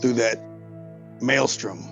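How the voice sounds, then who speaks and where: A man answering a game master casually as he plays his character. His voice is gravelly with mid pitch, and faint music runs underneath. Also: slow, fairly bright tone, muffled recording. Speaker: player. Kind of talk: playing a character in a tabletop game.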